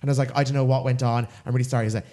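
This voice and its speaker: A man's voice: medium pitch, very fast. An Irish man co-hosting a podcast, telling a funny story in a casual chat and acting out the voices in it. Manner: animated storyteller, acts out quoted voices. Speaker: podcast co-host.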